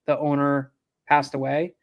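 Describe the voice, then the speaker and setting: A man's voice: fairly high pitch, measured pace. A man in a casual interview, telling a business story with lots of fillers and acted-out quotes. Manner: animated, acts out quotes, frequent fillers and restarts. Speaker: land investor guest.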